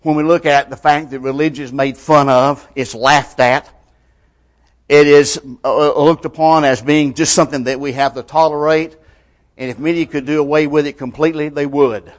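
The preacher's voice is a little high and steady in tone, moving at a normal speed. Using plain colloquial grammar, he shifts between loud, emphatic passages and near-whispers.

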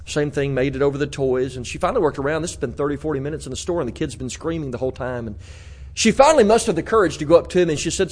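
A man's voice: fairly high pitch, big pitch swings, brisk, husky. A man preaching a conversational sermon in a church, earnest, with frequent restarts and repeated words. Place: church auditorium.

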